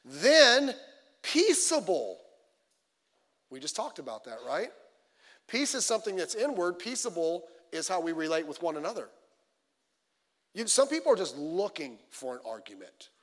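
Pastor, man, high voice, chatty sermon delivery with acted-out quotes, echoing church hall. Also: normal speed, long pauses. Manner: conversational, animated storytelling with acted quotes. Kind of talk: midweek sermon. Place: church sanctuary. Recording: long reverb of a church hall.

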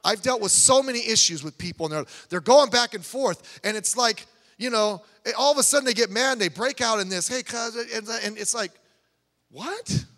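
A man preaching a sermon in a church, talking conversationally with asides, restarts and quick jokes. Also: high voice, a bit bright. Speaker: pastor. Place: church sanctuary. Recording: long church hall reverb.

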